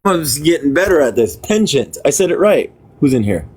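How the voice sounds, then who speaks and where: A man hosting a livestream, reading a book aloud in a casual, halting way, stopping to puzzle over words and talking offhand to viewers. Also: fairly high pitch, very animated, slightly rough. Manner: talks to viewers offhand, apologetic. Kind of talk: casual live reading with chat asides.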